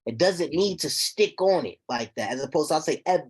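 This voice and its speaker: Husky-voiced man teaching a class. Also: on the high side, animated, fairly quick. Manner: repeats points, checks students with "okay?". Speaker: Quran recitation teacher. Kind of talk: classroom lesson.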